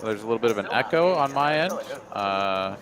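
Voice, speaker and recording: A man's voice: fairly low pitch, expressive, brisk, crowd noise. A man, commentating a live poker cash game in a laid-back, drawling way with frequent fillers.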